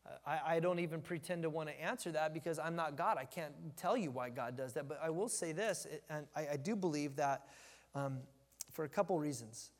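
Joking pastor with a bright voice. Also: male voice, fairly high pitch, a little fast, long reverb tail. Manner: joking, folksy, frequent restarts and stammers. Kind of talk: casual conversational sermon. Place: church sanctuary.

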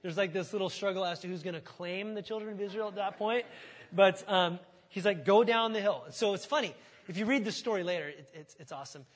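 A male pastor preaching a sermon with animated storytelling, swinging from loud bursts to hushed tones. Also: high voice, fairly quick.

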